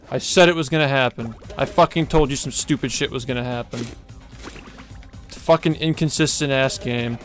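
Streamer rant: man, high voice, furious, constant swearing, repeats every complaint. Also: fairly bright tone. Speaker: speedrunner streamer. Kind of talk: angry rant while live-streaming a game.

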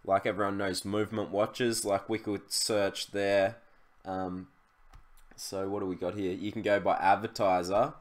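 A young man talking through an online tool in a relaxed screen-share tutorial. His voice sits a little low, and he rambles casually, often pausing on "um" and restarting his sentences. He sounds like he's speaking into a desktop mic at his computer. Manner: chatty, loose, with many fillers and restarts. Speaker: e-commerce YouTuber.

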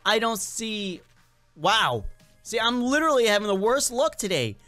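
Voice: mid-range voice, sing-song, moderate pace, bright, forceful tone, faint music behind. A gaming video creator with a slight accent and a lingering cold, giving playful, chatty gameplay commentary straight to viewers.

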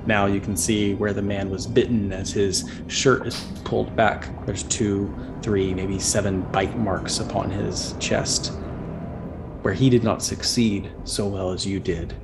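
A man narrating a tabletop role-playing game as dungeon master, describing scenes and calling for checks. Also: fairly low pitch. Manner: descriptive storytelling with character asides. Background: faint background music.

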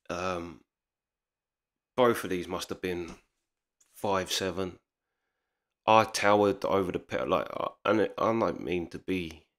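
A man telling a heated personal story in casual speech, swearing often and acting out the dialogue. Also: low voice. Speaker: storyteller vlogger.

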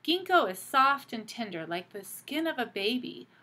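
A woman's voice: a little high, big pitch swings, moderate pace, pushed and bright, exaggerated voice. A woman voicing a clever eldest girl who keeps asking curious questions. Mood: questioning.

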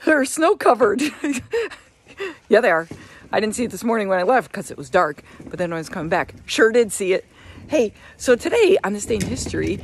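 A woman's voice: mid-range voice, slight background noise. A middle-aged woman giving a casual, rambling morning chat to camera, laughing often between her asides. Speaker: vlogger.

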